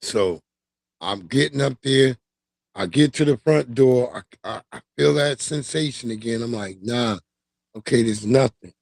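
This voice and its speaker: A man telling a long, profane childhood story on his livestream in a streetwise, animated way. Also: mid-range voice, measured pace, vocal fry, no echo, studio quality. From New York. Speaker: livestream host. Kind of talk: casual storytelling.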